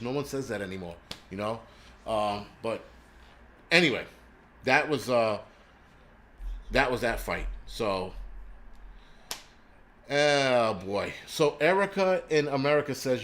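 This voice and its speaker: A man hosting his own vlog, telling stories and ranting in a profane, animated way. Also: mid-range voice, moderate pace, pauses often, slight background noise. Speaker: prepper channel host.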